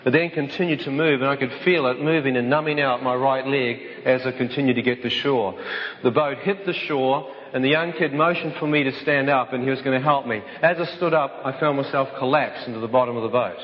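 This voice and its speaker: A man relating his testimony to an audience in vivid, storytelling fashion, at an everyday pitch. His voice carries through an echoey hall, and the sound is slightly dull. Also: steady tone, brisk. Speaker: speaker giving a testimony. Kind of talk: dramatic personal testimony to an audience.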